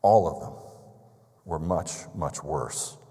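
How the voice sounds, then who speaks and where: A man's voice: a bass voice, takes it slowly, mellow. A man preaching a sermon as pastor, telling stories conversationally and asking emphatic rhetorical questions. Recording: long reverb of a large hall.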